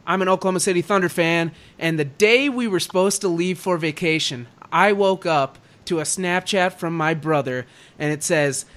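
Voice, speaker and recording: A man's voice: on the high side, fairly bright tone. A young man co-hosting a casual sports podcast, ranting as an exasperated fan. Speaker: podcast co-host.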